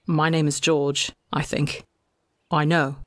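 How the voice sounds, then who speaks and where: Weary, gentle young forest god for an audio story, read by a man, soft and wistful. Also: a little high, little pitch movement, takes it slowly, dry recording, clean studio sound.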